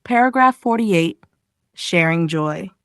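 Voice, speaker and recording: Her voice is animated, clear, resonant, and fairly bright, and she takes her time. The recording is studio quality with no echo. This English lesson reader reads paragraph titles of short emotional stories, then acts out each quoted line with a raised pitch and its own emotion.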